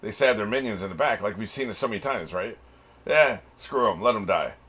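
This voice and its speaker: A man's voice: fairly low pitch, expressive, a little fast, fairly bright tone, slightly rough. A man hosting a reaction channel, giving casual commentary on an anime episode, laughing often and swearing freely.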